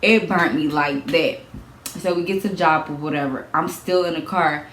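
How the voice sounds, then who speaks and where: A young woman telling a storytime vlog in a casual, animated way, repeating herself, swearing and laughing as she goes. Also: low-pitched, normal speed, echoey room, slight background noise. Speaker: vlogger.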